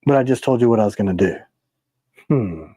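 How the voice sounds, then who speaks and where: A man hosting a casual livestream, telling stories in an animated, sarcastic way. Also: lowish voice, brisk, breathy edge, no room sound. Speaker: knife maker, livestream host. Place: workshop or shop.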